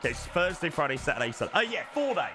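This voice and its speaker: A flight sim streamer with a fairly high-pitched voice talks fast and very animatedly over background music. Chatting casually on his live stream, he thanks subscribers one by one and swears now and then.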